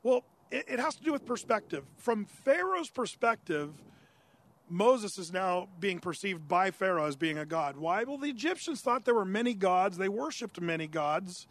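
Very animated and speaking at normal speed, a male pastor with a high, slightly bright voice teaches through a passage of the Bible. He keeps it conversational, voicing listeners' questions and answering them, often hesitating with "uh" and starting over.

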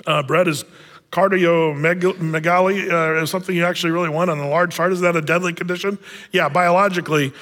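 A male pastor preaches in a relaxed, conversational way, often pausing on small fillers and restarting his phrases. His voice sits a little above the usual male range. The sound carries a long reverb, as if in a large hall. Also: sits high. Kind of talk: sermon.

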